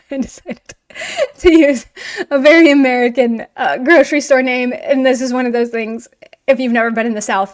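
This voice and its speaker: Female language teacher, slightly high voice, lively and chatty while correcting grammar. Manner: lively, chatty explanations mixing English and Russian. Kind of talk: grammar lesson correcting student mistakes.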